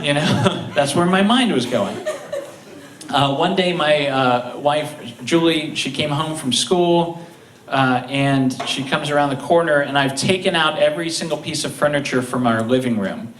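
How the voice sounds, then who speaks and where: A man telling funny stories on stage at a live show, chuckling through them with halting restarts. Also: on the high side, fairly bright tone, a little hiss or hum. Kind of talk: live comedic storytelling. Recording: roomy, distant live-stage mic.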